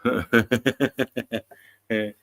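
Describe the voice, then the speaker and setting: Australian man, middle-aged, livestream host, laid-back, swearing, bright tone. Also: mid-range voice, fairly even intonation, drawn-out words. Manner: laid-back, swearing, greeting chat viewers. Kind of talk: casual livestream chat.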